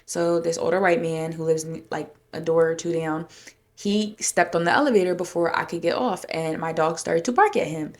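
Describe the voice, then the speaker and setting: A woman's voice: lowish voice, normal speed. A woman hosting a podcast, telling a story casually and acting out what people said in a raised voice. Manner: animated retelling, acting out quotes in a raised voice. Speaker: podcast host.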